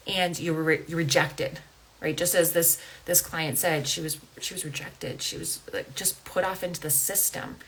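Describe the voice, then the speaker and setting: A woman's voice: low-pitched, a bit bright, a little hiss or hum, rough recording. A woman in her thirties hosting a coaching podcast, talking earnestly and conversationally and checking in with "right?" and "okay?". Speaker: life coach and podcast host. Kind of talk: casual podcast monologue.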